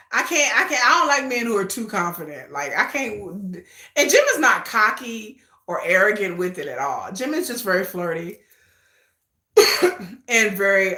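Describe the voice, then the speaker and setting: Animated woman chatting on a livestream. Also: medium pitch, echoey room. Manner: chatty, animated, laughs often, addresses chat as y'all. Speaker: livestream host. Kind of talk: casual livestream chat.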